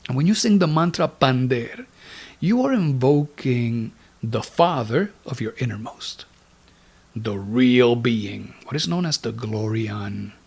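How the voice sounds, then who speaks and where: A man with a gravelly, creaky voice gives a spiritual lecture on meditation. He speaks slowly and deliberately at an ordinary pitch, guiding like an instructor and letting some words sink to a whisper. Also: expressive, a little mellow. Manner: slow, deliberate teaching with words dropped to a whisper.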